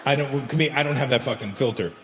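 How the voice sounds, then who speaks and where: A man with a medium-pitched voice talks fast through a stand-up comedy set, telling a crude story and acting out both sides of the dialogue. A faint hiss or hum sits under the recording. He's in a large live venue with a laughing audience, and the roomy hall echoes with faint ambience.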